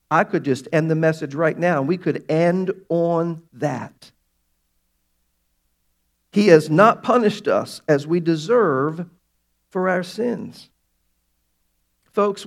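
A man pastor preaching a sermon to his congregation, emphatic and slowing down to stress key words. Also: on the high side. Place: church sanctuary.

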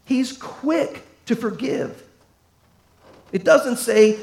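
A man preaching a sermon to a congregation, folksy and emphatic, swinging from loud to hushed. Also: high voice, expressive, normal speed. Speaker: pastor. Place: church sanctuary. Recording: echoey room.

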